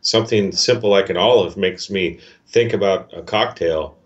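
A man's voice: low-pitched, moderate pace, highs cut off. A man who is a guest in a casual conversation, speaking hesitantly with many restarts.

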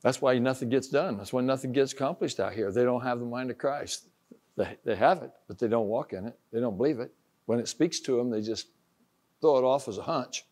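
A man's voice: medium pitch, brisk, darkish tone. An older man from Ohio preaching an informal sermon, folksy, telling stories and acting out the voices he quotes.

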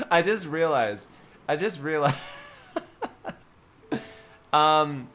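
A man with an Australian accent hosts a casual livestream chat with viewers, playful, giggly and teasing. His voice is fairly high and fairly bright, and he speaks very slowly.

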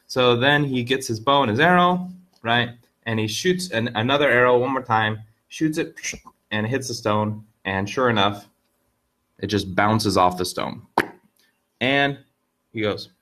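A man telling a fable to camera in a casual, lively lesson, often repeating words and restarting his sentences. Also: medium pitch, a little slow. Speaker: online Chinese idiom teacher.

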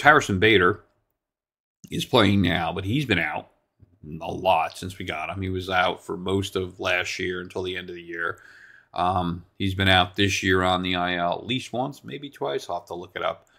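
A man's voice: low-pitched, vocal fry, a bit bright. A man hosting a solo sports talk podcast, blunt and exasperated, with sarcastic asides and free swearing.

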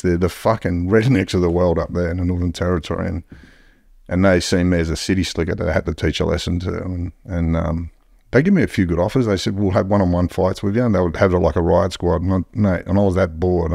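A man's voice: low voice, creaky, darkish tone, no echo, studio quality. An Australian man telling stories as a podcast guest in a blunt, heavily profane way. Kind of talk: casual storytelling.

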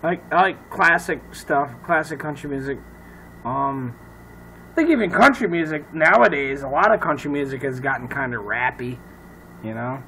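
A man who is a comedian, rambling loudly and profanely in a casual talk to camera. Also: medium pitch, normal speed, slight background noise, poor audio. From Irish heritage. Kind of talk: casual off-the-cuff chat to camera.

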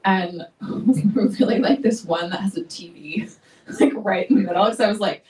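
A woman's voice: mid-range voice, normal speed, warm tone, distant mic, a little hiss or hum. A woman singer-songwriter chatting and joking with the audience between songs at a small live venue, laughing often. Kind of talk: stage banter between songs. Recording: echoey room recording from afar.

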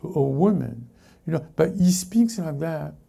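Male pastor preaching in church, deep mellow timbre, stop-start delivery that corrects itself as it goes. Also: expressive, creaky. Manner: halting, self-correcting preaching with many restarts. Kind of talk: sermon. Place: church service before a congregation.

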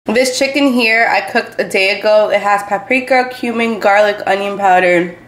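A woman's voice: mid-range voice, moderate pace. A young woman in her twenties vlogging casually at home, talking through her lunch prep in a chatty, rambling way. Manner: chatty, rambling, explains as she goes. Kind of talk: casual kitchen chat.

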